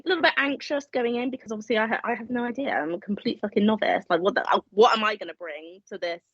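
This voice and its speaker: A woman chatting as a guest on a podcast. She swears a lot, and her voice jumps high when she rants. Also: fast talker, no room sound. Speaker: special guest. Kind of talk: casual podcast chat. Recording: dry, muffled audio.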